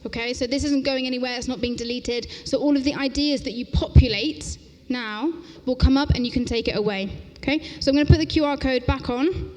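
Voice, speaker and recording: Woman presenter, teacher trainer, lively and brisk, slightly high voice, long reverberant lecture-hall sound. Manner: brisk and upbeat, often checking in with "okay?". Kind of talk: interactive conference workshop talk. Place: large lecture hall at a conference.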